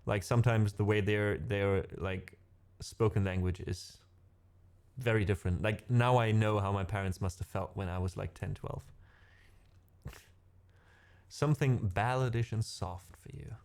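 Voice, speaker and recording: A man's voice: fairly low pitch, a little slow, a little mellow. A middle-aged man with a German accent, a musician chatting casually with his stream viewers, rambling with lots of fillers. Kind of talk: casual chat with live chat.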